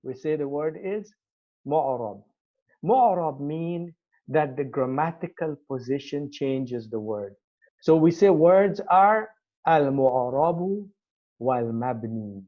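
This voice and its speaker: A man's voice: a little high, lively intonation, measured pace, highs cut off. A man teaching an Arabic grammar class, explaining step by step and checking the class follows. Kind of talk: classroom lecture.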